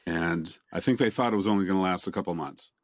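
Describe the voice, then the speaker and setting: A relaxed male host interviews a guest over a video call, asking long, meandering questions and chuckling often. His voice sits low for a man. The sound is dry and close, with no room echo. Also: fast. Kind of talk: casual interview chat. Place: home office near Boston.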